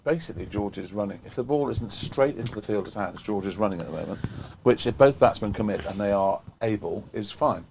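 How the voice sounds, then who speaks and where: A man calmly commentating on a local cricket match, listing field placings and the score. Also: fairly low pitch, fairly quick, creaky, a little hiss or hum. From England. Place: cricket ground, outdoors.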